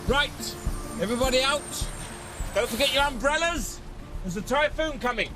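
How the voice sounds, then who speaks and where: An actor playing a brisk, joking maths team leader. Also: male voice, extremely high pitch, expressive, music in the background. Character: jokey British maths camp team leader, man.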